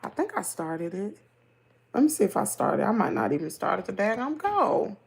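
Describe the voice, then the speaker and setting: A middle-aged woman with a Southern American accent hosts a livestream, chatting casually and reading viewer comments in a lively, talkative way. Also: medium pitch, moderate pace, creaky, slightly rough. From Southern United States. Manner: chatty, animated, laughs easily. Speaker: livestream host.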